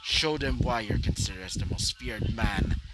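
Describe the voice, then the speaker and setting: A man voicing a calm young male master who gives cool, curt orders, over loud background noise. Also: mid-range voice, moderate pace, voice pushed down, natural voice. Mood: commanding.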